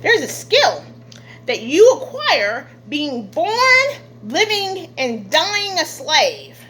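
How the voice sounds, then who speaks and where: A woman vlogger talking through an indignant monologue, halting often with fillers. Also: high voice, wildly swooping pitch, bright, forceful tone. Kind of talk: casual opinion monologue.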